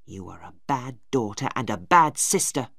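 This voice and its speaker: A woman's voice: very deep voice, lively intonation, moderate pace, creaky, no echo, studio quality, voice pushed down, exaggerated voice. A woman playing a harsh, stern young brother. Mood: angry. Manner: harsh, forceful. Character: stern, angry young man, Maggie's brother.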